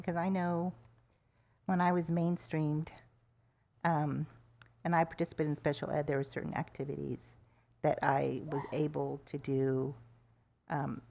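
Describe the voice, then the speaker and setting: A woman board member asking a question at a public meeting, halting and searching for words. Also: deep voice, gravelly, a little mellow, slight background noise.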